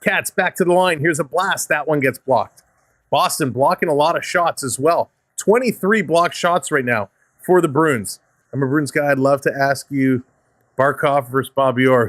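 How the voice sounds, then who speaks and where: A Canadian man gives live hockey play-by-play on his stream, upbeat and chatty, thanking viewers by name between plays. His voice sits a little high for a man and sounds dry and close, with no room around it. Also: fairly bright tone, dry recording. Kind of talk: play-by-play commentary mixed with chat replies.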